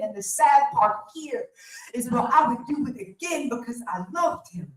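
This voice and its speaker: A woman's voice: sits high, lively intonation, a little slow. Woman performing raw spoken-word poetry, echoey. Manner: raw, profane, confessional delivery swinging between hushed and loud. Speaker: slam poet. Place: indoor theater venue. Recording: echoey venue, voice from a distance.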